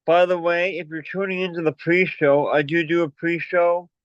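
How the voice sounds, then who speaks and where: A man's voice: on the high side, little pitch movement, normal speed, clean tone, dry recording. A man hosting a casual livestream, chatty and rambling, out of breath from running up and down stairs. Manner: rambling, chatty, plugging merch. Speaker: livestream host. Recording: dull lo-fi call audio.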